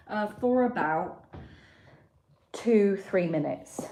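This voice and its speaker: A woman's voice: medium pitch, animated, takes it slowly, pauses often. A woman, chatting casually with viewers as a livestream host and reading out their comments. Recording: echoey room with clear background noise.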